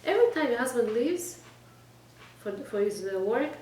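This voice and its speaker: A woman with a slightly high voice teaches a small class, direct and exhorting, often pausing to check in with her listeners and trade quick replies. She is recorded from a distance in an echoey room with a faint hum of background noise. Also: very animated, darkish tone. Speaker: religious teacher giving a weekly class. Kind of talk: informal lecture to a small group.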